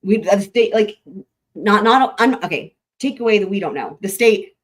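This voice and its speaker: A woman hosting a live stream, talking through maps and records as she goes. She rambles, restarts her sentences and swears freely, in a voice of ordinary pitch. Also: animated, normal speed. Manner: rambling, profane, thinking aloud with frequent "like" and restarts. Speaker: livestream host. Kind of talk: casual live commentary over maps.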